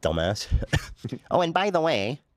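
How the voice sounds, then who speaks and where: A man's voice: medium pitch, big pitch swings, fast, dry recording. A man hosting a podcast, reading posts aloud with mocking sarcasm and plenty of swearing. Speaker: podcast host. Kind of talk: casual podcast banter.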